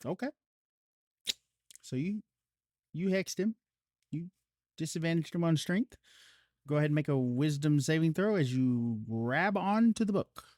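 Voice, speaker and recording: A man running a live-streamed tabletop game as game master, casual and profane with a slow, drawn-out narrating manner. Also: fairly high pitch, animated, a little mellow, no room sound.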